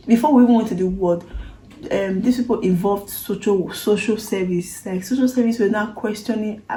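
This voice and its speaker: A Nigerian woman tells her own story straight to camera, earnest and emotional, with Pidgin turns of phrase. Her voice is mellow and warm. The recording has a noticeable echoey room sound. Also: medium pitch, slight background noise. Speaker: vlogger.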